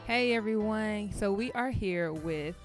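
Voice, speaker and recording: A woman in her thirties hosting a talk show, telling stories in a lively, colloquial way. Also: medium pitch, measured pace, faint music behind. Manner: animated, storytelling, Southern-style colloquial speech. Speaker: podcast host. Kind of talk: casual chat.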